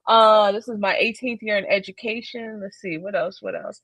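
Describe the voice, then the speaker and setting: A woman's voice: medium pitch, normal speed, a bit bright, dry recording. A woman author being interviewed in a casual video chat, chatty and laughing often, talking from home. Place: home, child nearby.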